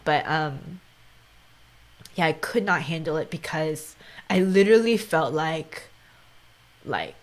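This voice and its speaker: A woman's voice: on the low side, a little slow, long pauses. A woman in her thirties hosting a podcast, speaking in casual conversation with an earnest tone. She often drops to a near whisper and fills her talk with "like" and "right?". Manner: heavy use of "like" and "right?". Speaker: podcast host.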